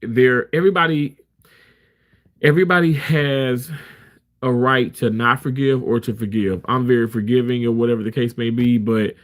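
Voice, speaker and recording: A man's voice: mid-range voice, fairly even intonation, moderate pace. Some streamer guy ranting to his viewers, real candid, keeps restarting sentences. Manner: candid, emphatic, frequent restarts. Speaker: live streamer. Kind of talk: casual storytelling rant.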